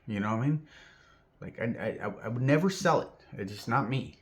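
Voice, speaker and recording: Animated rambling man telling a story. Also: medium pitch, brisk. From Southern California. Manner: filler-heavy, animated, acts out quoted voices. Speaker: vlogger.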